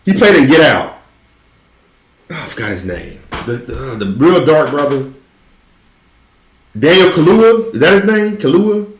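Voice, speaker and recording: A man in casual chat, telling a story in a relaxed, profane way with frequent laughs. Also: fairly high pitch, measured pace, long pauses, roomy sound, rough recording. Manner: laid-back, profane, laughs while telling stories.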